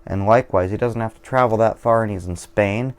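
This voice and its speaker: A deep-voiced man with a gravelly edge talks straight to camera in a relaxed, wandering monologue. He drifts off on tangents, swears casually and makes fun of himself along the way. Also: a little fast. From Washington State, USA. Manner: digressive, profane, self-deprecating. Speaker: vlogger. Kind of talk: casual rambling monologue over beer.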